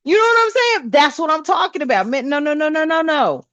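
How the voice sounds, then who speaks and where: A woman doing a spiritual reading in a casual vlog, talking bluntly with lots of swearing and lively storytelling. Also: high-pitched, fast talker, no echo. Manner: blunt, profane, animated storytelling. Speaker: spiritual reader. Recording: dull, dry sound.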